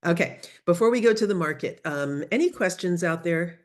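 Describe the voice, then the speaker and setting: A woman teaching a lively online language lesson, coaching students through phrases over a video call. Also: on the low side, moderate pace. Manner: lively, coaching, switches between English and Spanish phrases. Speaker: Spanish teacher.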